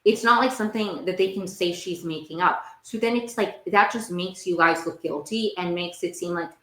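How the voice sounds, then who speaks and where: A young woman hosts a podcast, recapping TV shows in a casual, rambling monologue; she is emphatic, says "like" a lot and repeats her phrases. Her voice is on the low side with a fairly bright tone, at a normal speed, and the recording has a roomy echo.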